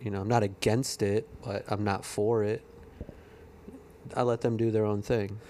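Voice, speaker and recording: A man's voice: lowish voice, flat delivery, normal speed, mellow, a little hiss or hum. A man guesting on a podcast in casual chat, laid-back and hesitant, often trailing off. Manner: laid-back, hesitant, says "I don't know" a lot.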